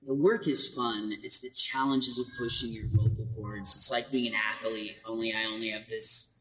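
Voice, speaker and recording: A man voice actor with a light, high voice, chatting animatedly in an interview and laughing between quick asides. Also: fairly even intonation, a bit bright, long reverb tail, low-quality recording. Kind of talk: casual interview storytelling.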